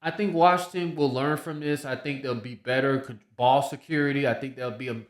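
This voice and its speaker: A man's voice: mid-range voice, fairly even intonation, a little fast, echoey room. A man hosting a solo sports podcast, talking casually, often repeating himself and restarting his sentences. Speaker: podcast host.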